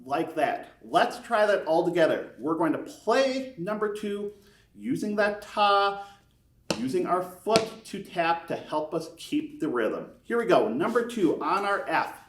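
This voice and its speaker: A man's voice: high voice, expressive, measured pace, soft background music. A man teaching beginners a brass lesson step by step, counting beats aloud and encouraging them. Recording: echoey room, mic at a distance.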